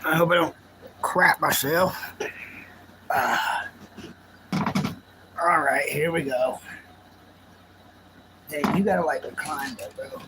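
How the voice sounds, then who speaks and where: A man's voice: on the high side, slow pace, long pauses, background noise. A man live-streaming, chatting casually with his viewers in a rambling, jokey, self-mocking way.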